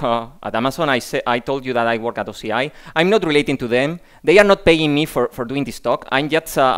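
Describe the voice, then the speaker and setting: A man's voice: on the high side, a bit bright, clean tone. Man giving a tech talk. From Spain. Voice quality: halting, repeats words. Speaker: conference speaker.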